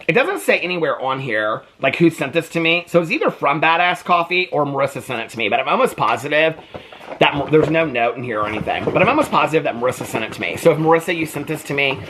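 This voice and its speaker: A man from Indiana casually vlogging as he unboxes mail, gushing with excitement and breaking into asides while reading aloud. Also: noisy background. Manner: gushing and excitable, voice jumps high when delighted; reads aloud haltingly with asides.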